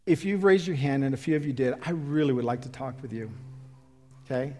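A man in his fifties preaching a sermon and leading an altar call, emphatic and swinging from loud exhortation to quiet pleading. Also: mid-range voice, a little fast. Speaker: pastor.

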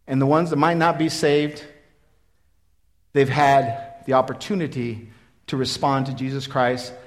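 A man in his fifties preaching a sermon, telling his own story in an earnest, repetitive way that swings from loud emphasis to quiet. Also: mid-range voice, normal speed. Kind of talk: sermon with personal testimony.

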